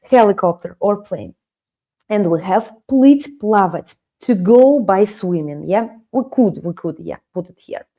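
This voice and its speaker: A woman with a Russian accent teaching a live-streamed language lesson, explaining slowly and mixing English and Russian. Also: medium pitch, lively intonation, warm tone. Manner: slow, explaining, switching between English and Russian. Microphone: webcam stream.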